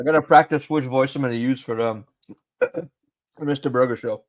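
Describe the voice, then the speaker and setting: A man's voice: medium pitch, normal speed, dry recording. A man co-hosting a casual podcast, joking, swearing and laughing as he reads reviews. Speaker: podcast co-host. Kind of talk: casual chat, reading reviews aloud in put-on voices.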